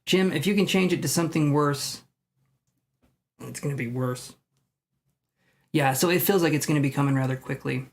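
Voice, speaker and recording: A man with a slightly high voice hosts a live tarot stream. He rambles, thinks aloud and pokes fun at himself while reading cards for his viewers. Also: moderate pace, pauses often. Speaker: tarot reader.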